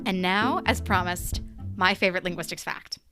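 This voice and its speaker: A woman's voice: on the low side, normal speed, over loud music. A young adult woman hosting a podcast, delivering a wry, emphatic monologue. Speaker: podcast host.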